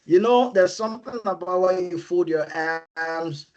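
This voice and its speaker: A man's voice: high-pitched, moderate pace, a little mellow, highs cut off. A man speaking on a webinar, giving career advice in an earnest, repetitive way, often pleading "please" and checking "you understand?".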